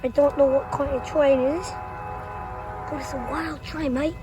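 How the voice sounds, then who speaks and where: A woman putting on a loud, goofy mock-Australian voice for a playful train spotter, shouting "oi, mate" over and over, outdoors in the rain. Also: sits high, steady tone, normal speed, music in the background, close to an everyday voice. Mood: rowdy. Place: outdoors by a railway crossing in the rain. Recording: outdoors with heavy rain noise.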